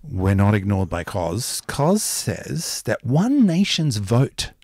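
A man in his fifties co-hosting a casual political discussion, animated and quick to jump in, often trailing off quietly at the ends of phrases. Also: on the low side, no echo. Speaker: co-host.

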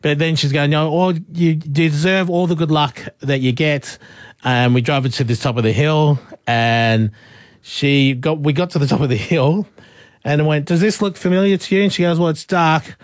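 A man's voice: a little high, moderate pace, dry recording, studio quality. A man hosting a radio show, telling a story in casual chat. He laughs often and acts out the people he quotes. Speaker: radio host.

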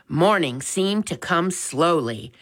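Woman, storybook narrator, low voice, lively pitch, slow, expressive reading. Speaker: audiobook narrator.

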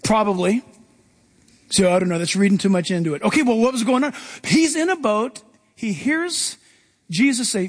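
A man preaching a sermon, reading scripture and acting out the people in it with lively swings of voice. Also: moderate pace, long reverb tail. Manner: animated preacher, acts out Bible voices with big pitch jumps. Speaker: pastor.

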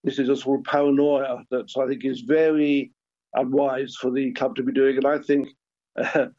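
A man's voice: medium pitch, level tone, normal speed, mellow, muffled recording. An older man, a former football club chairman, speaking hesitantly and earnestly as a radio interview guest, often repeating words.

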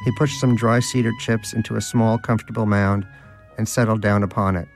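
A man reading a story aloud in even, measured scripted narration. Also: fairly low pitch, soft background music. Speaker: audiobook narrator.

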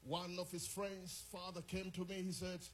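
A middle-aged man from Ghana, preaching a sermon as an animated storyteller who moves from quiet asides to shouted peaks. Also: high-pitched, moderate pace, slight background noise. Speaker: pastor.

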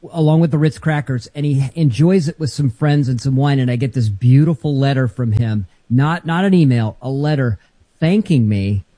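Easygoing man with a mellow voice. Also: mid-range voice, dry recording. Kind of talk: casual chat.

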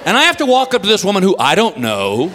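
A middle-aged man doing a stand-up routine, telling a story and shouting the punchlines. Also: sits high, huge pitch swings, fast. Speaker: stand-up comedian. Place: comedy stage with a laughing audience. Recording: live room with crowd and noise.

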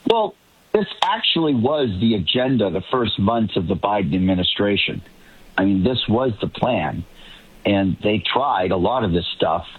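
A man's voice: lowish voice, sing-song, moderate pace, husky. A man from the Boston area giving emphatic commentary as a guest on a political panel, often restarting and repeating words. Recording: tinny remote line.

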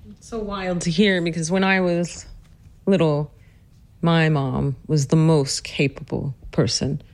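A narrator and host telling a personal family story, then questioning their mother, earnest and slowing down to stress points. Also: mid-range voice, fairly even intonation, no echo. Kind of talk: reflective personal narration and interview.

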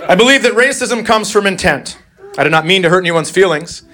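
A man's voice: high voice, lively intonation, a little fast, sharp tone. A man doing a stand-up set, telling a story in an exasperated way and putting on other people's voices. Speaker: stand-up comedian. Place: comedy club stage before a laughing crowd. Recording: live club recording with crowd noise.

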